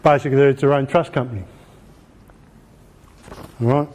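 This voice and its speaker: A man's voice: medium pitch, fairly even intonation, moderate pace, a little mellow. An Australian man giving an informal lecture in a colloquial, emphatic way, often asking rhetorical questions. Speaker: presenter.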